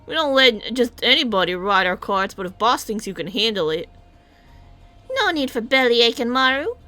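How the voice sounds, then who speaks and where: A boisterous cart-driving gang tough, as a woman puts him on, with a folksy drawl. The voice sits high and bright and swings all over the place. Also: sing-song, moderate pace, faint music behind. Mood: cheerful. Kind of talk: reading game dialogue aloud.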